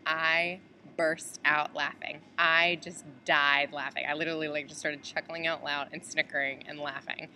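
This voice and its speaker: A woman's voice: sits low, little pitch movement, normal speed, hardly any pauses, sharp tone, a little hiss or hum. A woman from the United States recording a casual video message to a friend from an airport layover, chatty and full of "like" and "um". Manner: chatty, heavy use of "like" and "um". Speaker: traveler on a layover.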